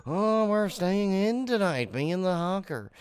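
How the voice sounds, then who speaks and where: A man's voice: high voice, lively intonation, a little slow, voice pushed up. A man impersonating a hammy late-night sports radio host. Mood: chummy. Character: schmoozing male radio sportscaster, chummy and hammy. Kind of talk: impression in casual chat.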